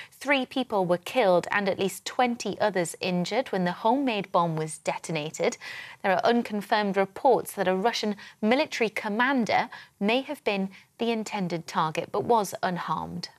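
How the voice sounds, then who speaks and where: Woman reading a news bulletin. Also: mid-range voice. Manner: measured, formal delivery. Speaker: newsreader.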